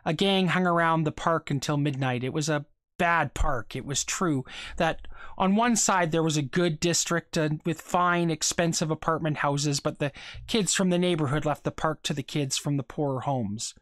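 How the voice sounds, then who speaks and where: A reader narrating a short story aloud for a class, in a steady, measured way. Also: medium pitch, no room sound, clean studio sound.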